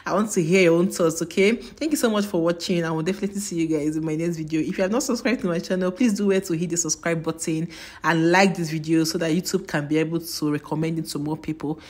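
A woman's voice: lowish voice, fast, darkish tone. A woman, retelling her experience in a casual vlog with dramatic, emphatic repetition. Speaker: travel vlogger.

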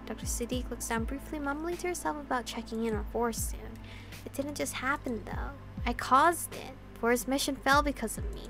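Woman streamer reading a visual novel, emotional and giggly, fairly high voice, faint music behind. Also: moderate pace, pushed and bright. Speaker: video game player reading aloud. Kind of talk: visual novel let's play with commentary.

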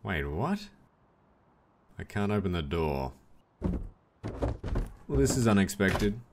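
Low-pitched guy narrating his game, jumps up when excited, bit of hiss behind. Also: slow pace. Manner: lively, swings between dry remarks and excited shouts. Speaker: gaming YouTuber. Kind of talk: casual gameplay commentary.

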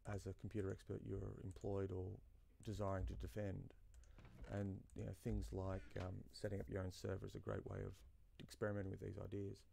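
A man's voice: deep voice, monotone, fairly quick, gravelly, dark tone, a little hiss or hum. A man giving casual, rambling commentary while playing a game, with many fillers and asides to himself. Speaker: gaming YouTuber. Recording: faint game music behind.

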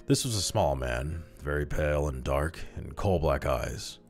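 A man reads a classic horror story in a measured, steady narration. His voice sits extremely low. Soft music plays faintly underneath. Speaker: audiobook reader.

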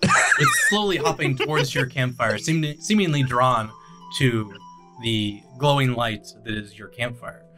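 A game master narrating a tabletop game in a halting way, full of pauses and restarts. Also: mid-range voice, wildly swooping pitch, loud music behind the voice.

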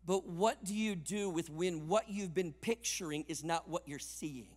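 A man preaching a sermon at a conference, emphatic, swinging between loud punches and quiet asides. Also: a little high, unhurried, in a large hall. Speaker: conference speaker. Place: conference hall.

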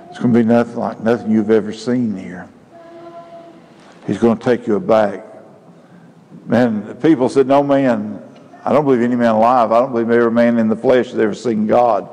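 A male pastor preaching a sermon, building to loud emphatic peaks. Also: lowish voice. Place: church sanctuary. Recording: church hall with long reverb.

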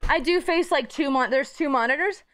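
High-pitched and slightly bright, a young woman's voice carries her live stream as she banters with her chat. She's playful and profane, jumping rapidly between subjects.

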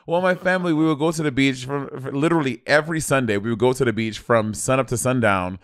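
A man's voice: medium pitch, quick pace, no room sound, clean studio sound. A man from Saint Lucia co-hosting a podcast, telling stories in casual chat and laughing easily. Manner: laughs easily, relaxed storytelling. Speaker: podcast co-host.

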